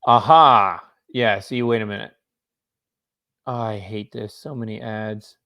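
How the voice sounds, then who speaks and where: A man's voice: fairly even intonation, takes it slowly, pushed and bright. Laid-back man reacting to news. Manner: reads articles aloud and reacts with asides; yawning, low-key. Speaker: political commentator. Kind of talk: casual commentary reading news aloud.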